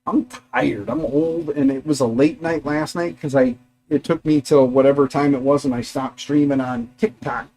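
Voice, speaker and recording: A man's voice: medium pitch, darkish tone. A middle-aged man hosting a casual livestream from his garage workshop, rambling chattily and talking to his dogs and viewers. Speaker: livestream host.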